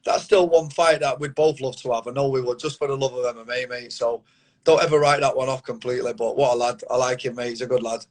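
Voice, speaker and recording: Speaking fast in a steady, medium-pitched voice, this thirty-something fighter from Manchester, England gives a relaxed interview by phone or video call. He's blunt and self-assured, swears a lot and keeps addressing the host as mate.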